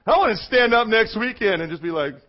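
A male pastor preaching a sermon, swinging from loud shouting to a hushed, intense murmur. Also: high voice, expressive, a little fast, highs cut off.

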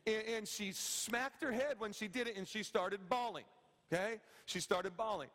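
A man in his thirties preaching a sermon in a church, talking conversationally and checking in with the congregation with quick "okay?" and "right?" asides. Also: high-pitched, a bit bright. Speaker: pastor. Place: church sanctuary. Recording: long hall reverb.

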